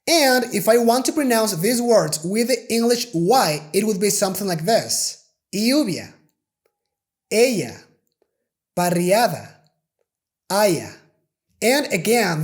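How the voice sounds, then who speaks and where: A man with a Spanish accent whose first language is Spanish teaches a pronunciation lesson in English. He explains patiently and repeats example words again and again to show each sound. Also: high-pitched.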